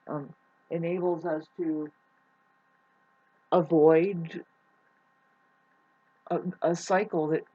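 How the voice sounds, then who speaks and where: Soft-spoken, husky rambling vlogger. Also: mid-range voice, little pitch movement, drawn-out words, pauses often, no room sound, dull audio. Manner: hesitant, with many restarts; soft and quiet. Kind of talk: rambling spiritual musing.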